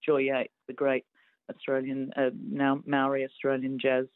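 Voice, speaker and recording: An eager caller who rambles from one story to the next, heard over a tinny, phone-like line. The voice is mid-pitched and dry. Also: monotone, moderate pace, no echo. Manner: enthusiastic, rambling.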